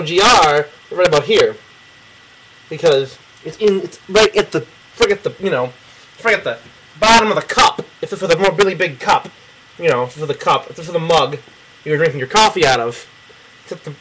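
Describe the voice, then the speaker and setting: A young man with a high, bright voice rambles through a casual explanation while he draws a map, swearing and laughing often. He talks close to a camera mic, and a faint hiss sits under his voice. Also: animated, a little fast, low-quality recording. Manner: profane, joking, laughs often. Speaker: video replier. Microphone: camera mic close to the face.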